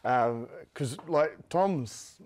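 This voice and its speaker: A man with a New Zealand accent, a rugby player chatting in a relaxed, agreeable way as a studio guest. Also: mid-range voice, very slow. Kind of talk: casual chat.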